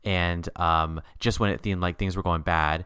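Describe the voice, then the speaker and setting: Deep smooth-voiced laughing man. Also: a little slow, no room sound, clean studio sound. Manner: animated and laughing, with sudden upward pitch jumps. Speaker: podcast co-host. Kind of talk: casual chat recapping a TV miniseries.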